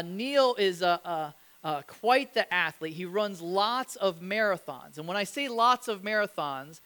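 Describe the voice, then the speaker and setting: A middle-aged man preaching a sermon in church, telling stories with lively acted-out voices and repeated phrases. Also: high-pitched. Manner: animated storytelling, acts out voices, repeats phrases. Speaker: pastor.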